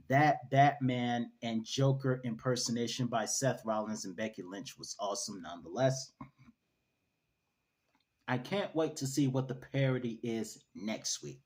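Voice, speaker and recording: A man's voice: medium pitch, measured pace, a little mellow. A man giving a casual solo wrestling review, chatty, wry and opinionated.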